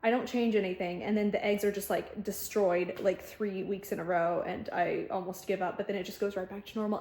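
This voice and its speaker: A young woman vlogging casually from her home kitchen, talking into a handheld phone camera in quick, chatty bursts full of "oh my God". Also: medium pitch, a little mellow. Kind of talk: casual vlog chat.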